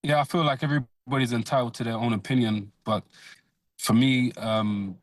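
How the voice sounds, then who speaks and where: A man, a professional boxer, answering radio interview questions in a measured, hesitant way with many fillers. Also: medium pitch, fairly even intonation, no room sound.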